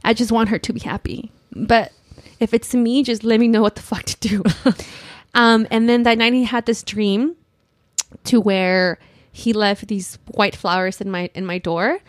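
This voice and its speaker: A woman's voice: a little high, steady tone, a little slow, no echo, studio quality. A young woman telling a personal story on a podcast in a rambling way, filling her talk with "like" and getting emotional. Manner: rambling, heavy use of "like", emotional.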